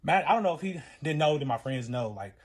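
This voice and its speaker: Man, higher-pitched voice, casual storytelling, rambling, profane, fillers, acts out quotes. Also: expressive, fast talker. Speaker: storyteller recounting a relationship.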